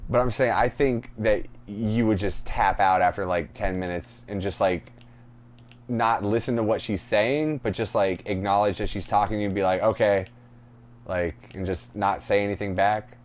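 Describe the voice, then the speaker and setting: A man's voice: on the low side, moderate pace. A man co-hosting a podcast, telling crude stories in casual chat and acting out other people's voices. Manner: crude, animated, acts out voices in anecdotes. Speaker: podcast co-host.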